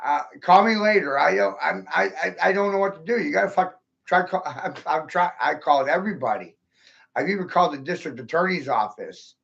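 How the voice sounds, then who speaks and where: A man's voice: fairly high pitch, expressive, fairly quick, vocal fry, fairly bright tone, highs cut off. A man ranting angrily and profanely on a live stream, agitated and upset. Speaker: livestreamer. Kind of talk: angry live-stream rant.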